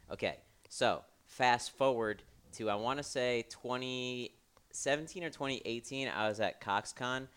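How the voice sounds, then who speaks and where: A young adult man, a podcast guest, telling a casual story in a relaxed, rambling way with fillers. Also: medium pitch, moderate pace, smooth.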